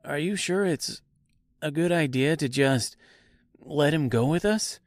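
A jumpy straw-stuffed scarecrow voiced by a man who pitches his voice well up and frets over every stranger. The delivery is slow and deliberate, and the room is dry and close. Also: expressive, no room sound. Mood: wary. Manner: high, astonished and fretful. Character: nervous, excitable male talking scarecrow. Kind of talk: audiobook character voice.

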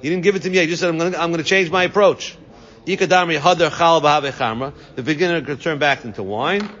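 Here a man with a somewhat high, slightly bright voice leads students through the Talmud at a quick pace, putting each Aramaic phrase into English. The audio is dull and lo-fi, with long reverb.

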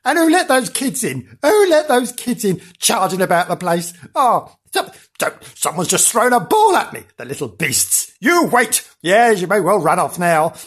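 A man's voice: high-pitched, sing-song, moderate pace, hardly any pauses, slightly rough, pitched above the performer's own voice, heavily acted. A man voicing Janice, a cross, prim woman who jumps at every noise and talks in an indignant, fussy way. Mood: alarmed.

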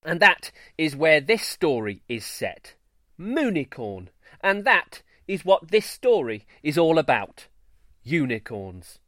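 Slow, lively-voiced male storyteller. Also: fairly high pitch, no room sound, studio quality. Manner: expressive, playful storyteller. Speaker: storyteller host. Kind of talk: scripted children's story narration.

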